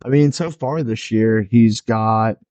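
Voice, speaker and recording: A man's voice: lowish voice, slow, no echo. A man co-hosting a casual sports podcast, telling stories with energy and acting out what players said. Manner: animated storyteller, acts out players' lines. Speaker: podcast co-host.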